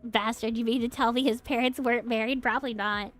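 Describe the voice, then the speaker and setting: A woman's voice: on the high side, fairly even intonation, fast, fairly bright tone, soft background music. A woman streamer in casual chat, giggly, playful and rambling.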